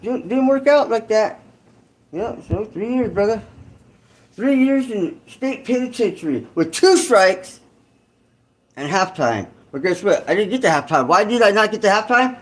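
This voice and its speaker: A man's voice: high voice, animated, a little slow. A man from California who hosts his channel, telling a story in a rambling, slangy monologue full of restarts and asides. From Santa Clara, California. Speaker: online creator host.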